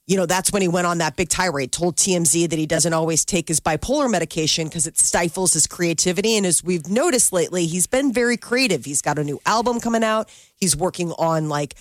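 A woman's voice: fairly low pitch, no echo, clean studio sound. A woman co-hosting a morning show, chatting casually and running through entertainment news. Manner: chatty, laughs along, quick reactions. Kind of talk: casual radio banter, reading entertainment news.

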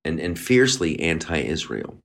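A man's voice: low-pitched, big pitch swings, a little slow, creaky. A man co-hosting a podcast, ranting in a heated, profane way with many stammered restarts. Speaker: podcast co-host. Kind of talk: opinionated podcast rant.

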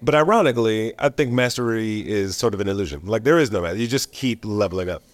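A man's voice: on the low side, quick pace, no echo. Male podcast host, casual chatty delivery, mid-range voice, dry close recording. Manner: casual, uses "like" often, laughs easily. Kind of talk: conversational interview.

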